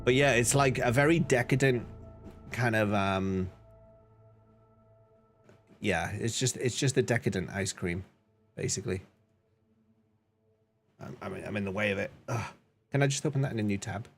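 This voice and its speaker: A man's voice: lowish voice, normal speed, pauses often, soft background music. A man chatting casually on a live stream, laughing often and reading out chat messages. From northern England.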